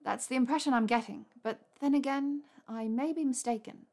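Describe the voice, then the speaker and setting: A woman's voice: sits high, fairly quick, warm tone, voice pushed up. A woman voicing a clever, eager young witch who speaks breathlessly and cajoles.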